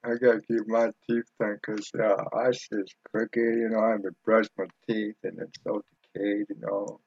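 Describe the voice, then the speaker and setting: A man's voice: fairly low pitch, level tone, normal speed, creaky, husky, no room sound, dull audio. A man chatting casually and mumbling about his troubles. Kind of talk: casual chat.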